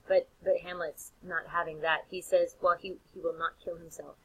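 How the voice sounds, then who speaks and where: A woman teacher giving a casual lecture, retelling the scenes in an animated, slangy way with many fillers and restarts. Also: lowish voice, normal speed, hardly any pauses, breathy edge, low-quality recording.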